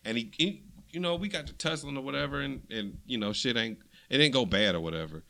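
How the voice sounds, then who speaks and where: A man co-hosting a casual podcast chat, telling a long animated story and acting out what others said. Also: mid-range voice, fast, vocal fry. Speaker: podcast co-host.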